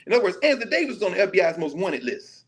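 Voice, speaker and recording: A man from Nashville, a professor talking in lively conversational commentary, telling stories with quoted dialogue and casual vernacular. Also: sits high, rapid-fire. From Nashville, Tennessee. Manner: animated storytelling, slipping into quoted dialogue and casual Black vernacular.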